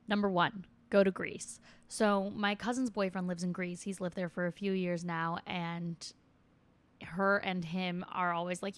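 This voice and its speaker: A young woman in her twenties chatting casually in a vlog, reading out a list and commenting on each item with self-deprecating asides. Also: fairly low pitch. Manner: reads list items then comments on each. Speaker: vlogger.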